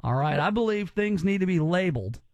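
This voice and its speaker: A man's voice: sits high, expressive, brisk, a little mellow, no room sound, dull audio. A man hosting a radio show, teasing callers in casual, rambling banter.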